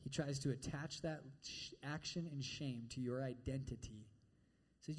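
A man's voice: mid-range voice, little pitch movement, moderate pace. A man preaching a sermon in a church, talking directly and conversationally to the congregation and often checking in with "all right?".

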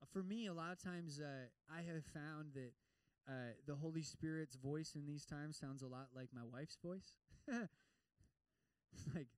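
A man preaching a sermon in an animated way, repeating words as he goes and acting out prayers. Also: fairly high pitch, measured pace, clear, resonant tone, no room sound, distant mic, rough recording. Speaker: pastor.

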